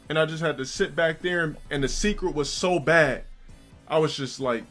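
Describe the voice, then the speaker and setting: A man streamer telling a crude story in a profane, animated rant. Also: fairly high pitch, moderate pace, soft background music. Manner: profane and animated, with laughs and fillers.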